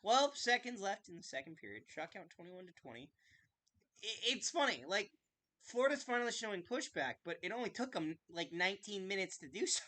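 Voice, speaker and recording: A woman podcast host giving excitable, casual live hockey commentary, who swears freely and shouts goal calls. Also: mid-range voice, brisk.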